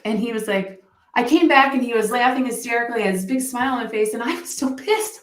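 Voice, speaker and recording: Animated woman coach in an echoey room. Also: on the high side, quick pace. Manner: animated storytelling, acts out quotes. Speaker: mental performance coach. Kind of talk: podcast interview guest, casual chat.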